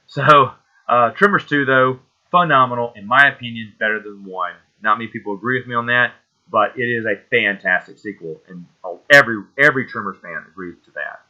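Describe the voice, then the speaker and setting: A man's voice: mid-range voice, sharp tone, highs cut off. A man hosting a casual solo movie show, talking with enthusiasm and rambling as he fishes for names. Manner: enthusiastic, rambling, loses names mid-sentence. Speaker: host.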